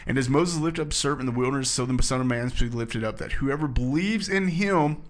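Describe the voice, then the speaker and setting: A man's voice: medium pitch, quick pace. A man leading a casual scripture discussion, reading verses aloud and explaining them in an earnest, emphatic way. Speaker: Bible study discussion leader.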